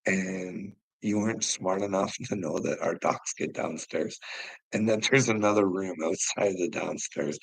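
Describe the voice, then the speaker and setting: Gravelly, heated middle-aged man ranting. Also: low voice, measured pace, no room sound, rough recording. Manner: heated, profane, laughs often. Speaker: livestream host talking to chat. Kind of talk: casual livestream rant.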